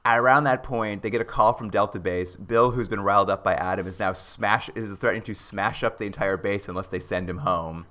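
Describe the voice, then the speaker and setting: A man talks through a TV episode in a relaxed podcast chat, voicing the characters as he goes. His voice sits a little low but rings bright and forward. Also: a little fast, hardly any pauses. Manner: animated storyteller, acts out characters' lines. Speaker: podcast co-host. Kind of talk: casual chat recapping a TV show.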